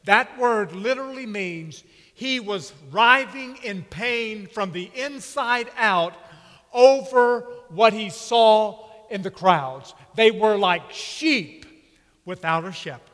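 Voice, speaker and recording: Pastor guy, high voice, drawn out emphatic preaching, long church echo. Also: animated, a bit bright. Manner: slow, emphatic preaching with dramatic pauses. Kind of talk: sermon. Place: church sanctuary. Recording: long reverb of a church hall.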